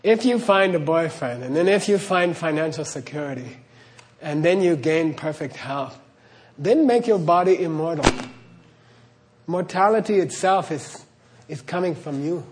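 Earnest spiritual teacher, man, slightly high voice. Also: lively intonation, unhurried. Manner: earnest, repeats "okay?", laughs while storytelling. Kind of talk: spiritual talk to an audience.

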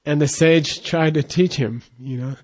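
A male Buddhist monk tells a teaching story loosely and ramblingly, halting with fillers, restarts, and laughs. His voice sits a bit high for a man, and he sounds more chatty than preachy.

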